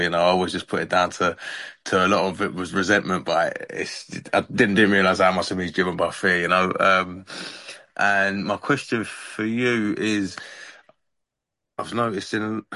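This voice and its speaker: A man with a low, gravelly voice speaks at a recovery meeting on a video call. His tone is flat, reflective and hesitant, with frequent ums. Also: no room sound. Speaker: meeting member.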